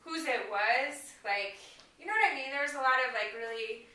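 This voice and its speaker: Young woman chatting away, says like a lot, voice kinda high, sounds far off in a roomy space. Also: lively intonation, normal speed, bright, forceful tone. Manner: chatty, many "like"s, laughs while talking. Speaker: guest telling a story. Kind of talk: casual chat. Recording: echoey room, far from the mic.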